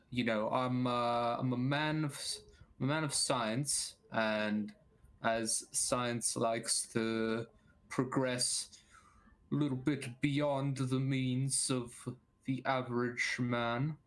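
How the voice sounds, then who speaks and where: A man puts on a Cockney gentleman scientist in a tabletop game, a male biologist who rambles and halts as he talks about chasing new discoveries. The delivery is slow and unhurried. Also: mid-range voice. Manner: rambling, halting with fillers. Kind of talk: tabletop role-play.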